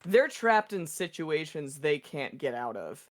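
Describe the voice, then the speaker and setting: Animated woman telling stories on stream. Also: deep voice, unhurried. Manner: animated storytelling, many likes and restarts. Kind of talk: casual chat on a live art stream.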